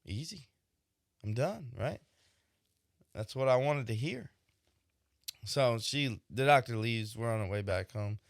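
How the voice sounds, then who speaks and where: A man's voice: medium pitch, lively intonation, measured pace, long pauses, no room sound. Reflective male podcast host, dry mic. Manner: reflective, conversational, frequent "right?" asides. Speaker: podcast host, expecting father. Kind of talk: casual monologue.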